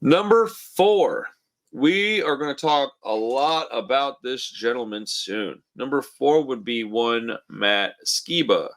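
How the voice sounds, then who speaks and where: A man's voice: medium pitch, expressive, slow, few pauses, fairly bright tone. A man co-hosting a music podcast in casual chat over a remote call, talking enthusiastically and calling his partner dude and bro. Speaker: podcast co-host. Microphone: remote call mic.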